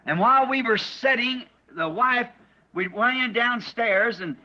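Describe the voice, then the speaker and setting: A man's voice: very high-pitched, measured pace, bright, forceful tone. A man preaching a sermon, telling a vision in an earnest, repetitive way, on a dull lo-fi archival recording. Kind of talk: sermon testimony.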